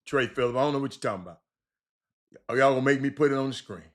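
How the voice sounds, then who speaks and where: A man's voice: medium pitch, rapid-fire. A man hosting a livestream, talking basketball in a loose, teasing way and answering his chat. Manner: animated, teasing chat readers, repeats phrases. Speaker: livestream host. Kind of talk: casual basketball talk on a livestream.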